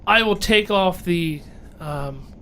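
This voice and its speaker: A man's voice: high voice, slow, a crowd in the background. Joking man playing a tabletop game. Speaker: player. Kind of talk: casual tabletop role-play.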